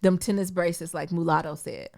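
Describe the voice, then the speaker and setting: A woman's voice: on the low side, fast, vocal fry. A woman from Detroit co-hosting a podcast, telling stories in casual, slangy chat and acting out quotes. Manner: animated storytelling, slangy, acts out quotes. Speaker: podcast co-host.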